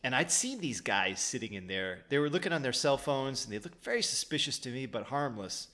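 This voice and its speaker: A man's voice: medium pitch, animated, brisk, sharp tone. Rambling, profane male storyteller. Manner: rambling, many restarts, profane. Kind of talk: casual chat, storytelling.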